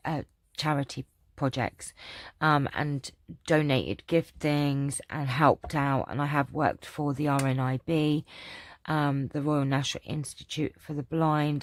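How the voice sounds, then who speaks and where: A woman's voice: deep voice, no echo, studio quality. A woman chatting casually on her craft vlog, rambling with lots of ums and restarts as she answers viewer questions. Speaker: craft channel vlogger.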